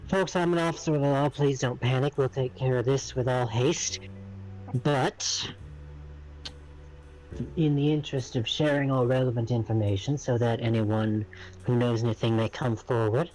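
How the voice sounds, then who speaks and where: A man playing a calm, formal officer of the law who speaks low and measured. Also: lightly acted, low-quality recording.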